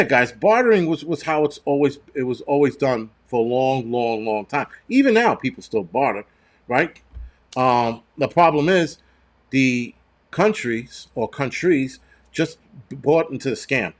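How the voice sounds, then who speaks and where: A man's voice: medium pitch, lively intonation, moderate pace. A man hosting a casual livestream, ranting bluntly with lots of swearing and rambling restarts. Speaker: host.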